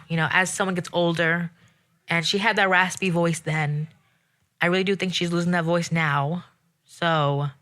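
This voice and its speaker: Woman host, solo rant; bright, forceful tone; sassy, exasperated, animated. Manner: animated, exasperated, sassy with sudden pitch jumps. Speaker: podcast host.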